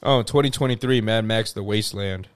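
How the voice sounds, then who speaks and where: A man's voice: fairly low pitch, a little fast, clear, resonant tone, dry recording. A man co-hosting a podcast in casual chat, blunt and incredulous, laughing often. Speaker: podcast co-host.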